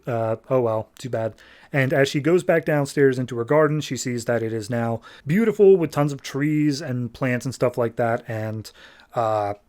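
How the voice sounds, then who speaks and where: Guy on a podcast recapping comics, rambly, lots of uhs and likes, middle pitched voice. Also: lively intonation, normal speed, a little mellow. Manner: loose and rambling, many fillers; briefly shifts pitch for quoted characters. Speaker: podcast host. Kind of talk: casual comic book recap.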